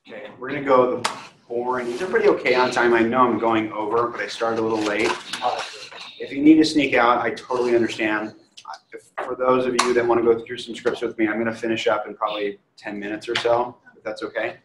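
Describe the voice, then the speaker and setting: An energetic man teaches a roomful of new agents, pushing them with quick questions. His mid-range voice arrives from a distance, with the room echoing around it and a faint hiss underneath. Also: mid-range voice. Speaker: real estate trainer. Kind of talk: classroom training talk. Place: training room with a group.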